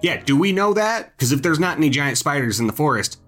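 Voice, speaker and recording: A man's voice: on the high side, expressive, brisk, a bit bright, soft background music. A man co-hosting a casual gaming podcast, joking with wry interjections. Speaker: podcast co-host. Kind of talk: casual chat.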